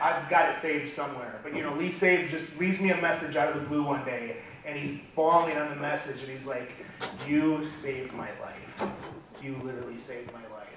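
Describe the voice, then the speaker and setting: A middle-aged man giving an impassioned motivational speech at a business event, building to near-shouting. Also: fairly high pitch. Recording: echoey hall from far off, faint noise.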